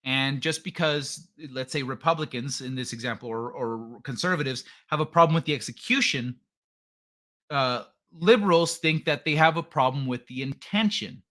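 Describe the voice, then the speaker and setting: A man's voice: mid-range voice, normal speed, bright, forceful tone. A man hosting a casual livestream, reading chat messages and rambling, swearing freely as he reacts. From California.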